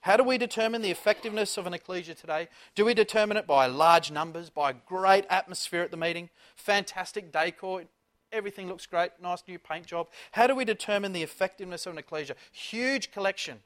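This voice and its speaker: Impassioned preacher, higher voice. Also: male voice, fairly quick. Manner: impassioned, rhetorical questions, big swings in loudness. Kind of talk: sermon.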